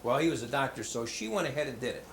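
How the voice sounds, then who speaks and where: A man giving a motivational talk to schoolchildren, telling jokes in an animated, hammy storytelling manner in a school hall. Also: medium pitch, fast, vocal fry. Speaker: motivational speaker. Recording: roomy hall with faint background noise.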